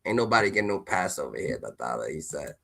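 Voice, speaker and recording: A man streaming casual reaction commentary on rap news, slangy and excitable, repeating a catchphrase tag. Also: rumbling low, fast, creaky. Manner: loud, excitable and laughing.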